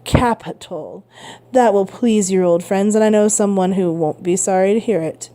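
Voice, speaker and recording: A woman's voice: medium pitch, moderate pace, mellow, natural voice. A woman voicing a sly, grudging young male tailor who needles his neighbor in a storybook reading.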